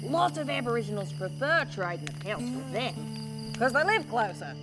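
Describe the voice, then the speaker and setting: A woman playing an excitable, theatrical wildlife-show host in a comedy sketch, dropping into hushed whispers. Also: on the high side, normal speed, loud music behind the voice. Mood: explaining. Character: brash Australian-style wildlife-show host.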